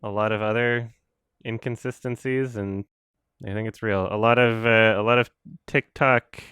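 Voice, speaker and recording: Young man, smooth voice, sarcastic rambling. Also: on the low side, steady tone, fairly bright tone, no echo, clean studio sound. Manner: fast, rambling and sarcastic, laughs often. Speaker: podcast co-host. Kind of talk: casual chat.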